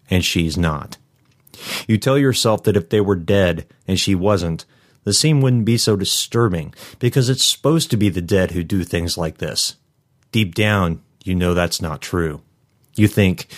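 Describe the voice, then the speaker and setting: A man narrating a first-person story in a measured, somber way. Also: low voice. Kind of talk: first-person fiction reading.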